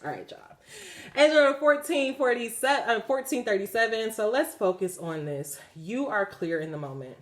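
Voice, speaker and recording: A woman's voice: on the high side, animated, moderate pace. A woman giving a spiritual card reading, switching between reading card texts and chatty asides full of "like". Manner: chatty, leans on "like" fillers when speaking off the cuff. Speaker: oracle card reader.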